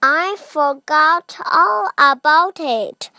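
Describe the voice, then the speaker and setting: A woman's voice: high voice, extremely slow, pushed and bright, no echo, pitched above the performer's own voice, full character voice. A woman who speaks Chinese natively, reading the lines of a fretful male pizza shop owner in a children's storybook. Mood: dismayed.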